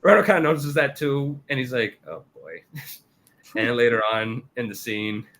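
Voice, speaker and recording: Speaking at a normal pace in a fairly bright tone, this podcast co-host keeps a casual review chat going. Laughter comes often, and he raises his pitch when acting out characters' lines.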